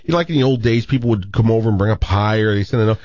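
Deep-ish guy talking fast on the radio, rambles, dull dry studio sound. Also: no room sound. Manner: rambling, animated storyteller. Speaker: radio show co-host. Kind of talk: chatty talk radio banter.

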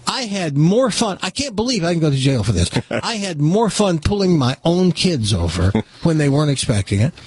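A man's voice: fairly high pitch, big pitch swings, moderate pace, hardly any pauses, darkish tone, breathy edge, no echo. A middle-aged man telling funny stories in casual talk, acting out the dialogue of the people in them. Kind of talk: casual storytelling.

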